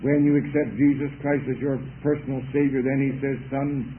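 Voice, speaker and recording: A man preaching a sermon, talking emphatically and building up to loud exhortation. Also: mid-range voice, little pitch movement, moderate pace. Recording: tinny lo-fi radio broadcast.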